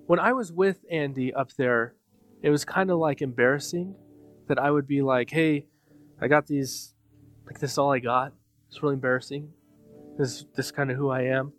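A man preaching a sermon as pastor, telling a personal story in a loose, conversational way with frequent fillers. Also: medium pitch.

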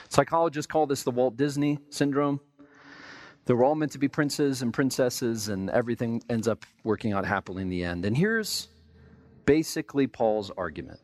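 American guy giving a sermon, chatty, pitch jumps all over, dry close sound. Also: a little mellow, dry recording. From United States. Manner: conversational, acts out everyday voices in quotes. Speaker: pastor.

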